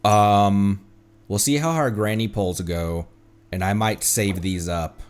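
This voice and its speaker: A young man streams a game, chatting casually and playfully thinking out loud as he goes. His voice is smooth and on the low side, and he speaks slowly.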